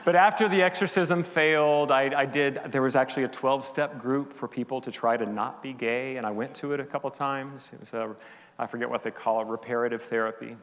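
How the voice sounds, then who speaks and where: A man's voice: mid-range voice, fairly even intonation, a little fast, a bit bright. An older man, a pastor, preaching a sermon as a candid, heartfelt personal testimony. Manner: candid storytelling, confessional and heartfelt. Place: church sanctuary. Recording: long hall reverb.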